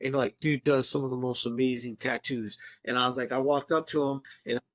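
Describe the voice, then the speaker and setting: Tattoo guy on a remote call, swears a ton, animated stories, dry sound. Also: medium pitch, brisk, no echo. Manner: profane, animated storytelling. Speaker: tattoo artist. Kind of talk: remote casual conversation. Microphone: remote call mic.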